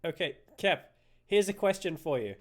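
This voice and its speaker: A man's voice: a little high, animated, normal speed. A man streaming a game live, commenting playfully and laughing as he jokes with his audience. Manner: playful, laughing, joking with chat.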